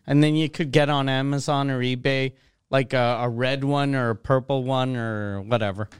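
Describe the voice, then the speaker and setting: Smooth-voiced swearing male podcast co-host. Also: mid-range voice, steady tone. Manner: crude, swears freely, halting restarts. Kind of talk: casual chat.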